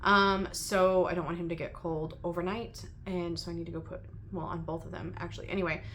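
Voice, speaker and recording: A woman's voice: on the low side, fairly even intonation, fairly quick, a bit bright, a little hiss or hum. A woman hosting a casual reading-recap vlog, chatty and rambling, often giggling between thoughts. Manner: rambling with frequent ums and restarts. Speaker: book reviewer and channel host. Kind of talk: casual chat.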